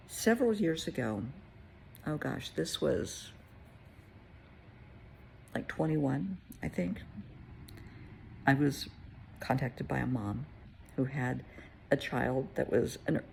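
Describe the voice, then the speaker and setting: Woman therapist chatting through a client story, lots of vocal fry, bit of hiss in the background. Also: rumbling low, darkish tone. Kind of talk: casual storytelling to camera.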